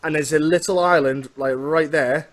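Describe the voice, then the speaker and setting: A podcast host from the Isle of Man, speaking with a Manx accent, chats through a casual interview in a rambling, self-deprecating manner. His voice sits on the high side, with a steady tone and moderate pace.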